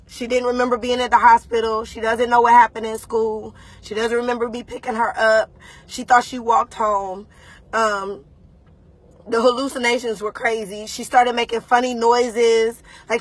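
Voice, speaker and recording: A mother talking to viewers on a live video, shaken and pausing often with ums. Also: on the high side, fairly bright tone, no room sound. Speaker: mother giving a livestream update.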